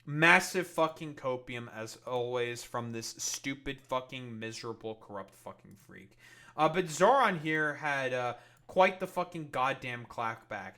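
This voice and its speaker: Furious swearing streamer, bright voice. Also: male voice, medium pitch, animated, unhurried. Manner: angry, swearing, many fillers. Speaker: political streamer. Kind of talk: profane reaction commentary.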